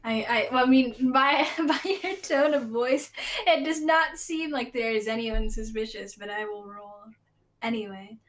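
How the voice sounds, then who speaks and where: A woman playing a tabletop game, stammering and halting with many fillers. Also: a little high. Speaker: player.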